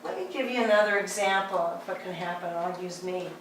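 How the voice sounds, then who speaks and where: In an echoey hall with a distant mic and slight background noise, a woman tells a personal story in a candid, conversational talk. Her voice is fairly low and fairly bright, and she speaks briskly.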